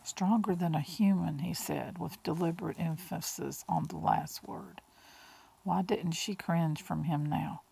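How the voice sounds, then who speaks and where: A woman reading an audiobook in a slow, hushed way, with breathy whispered words. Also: low-pitched, steady tone, low-quality recording. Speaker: audiobook narrator. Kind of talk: audiobook narration.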